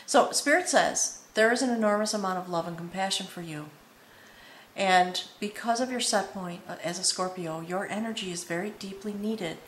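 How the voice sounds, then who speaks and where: A woman's voice: mid-range voice, moderate pace, slight background noise. Earnest woman reading tarot in an echoey room. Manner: meandering, earnest, frequent "okay?" check-ins; emotional, a little choked up. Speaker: tarot reader. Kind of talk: spoken tarot reading to viewers. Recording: echoey room with faint ambience.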